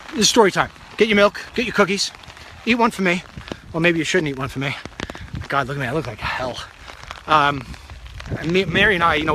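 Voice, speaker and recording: A man's voice: a little high, pushed and bright, a little hiss or hum, low-quality recording. A middle-aged man hosting a live talk, telling a long story in a chatty, digressive, self-deprecating way into a phone. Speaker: talk show host.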